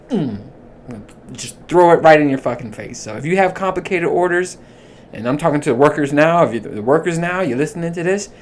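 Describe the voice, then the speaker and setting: A man in his thirties hosting a podcast, telling his stories in a casual, profane, animated way and laughing as he goes. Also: on the high side, slight background noise. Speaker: podcast host. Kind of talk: casual storytelling monologue.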